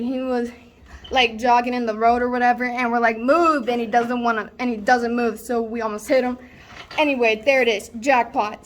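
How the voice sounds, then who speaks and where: A woman's voice: on the high side, close to an everyday voice. A young woman performing a stage monologue as a rambling, boastful slacker student who tells a wild story with lots of fillers. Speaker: student actor. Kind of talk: stage monologue, self-recorded.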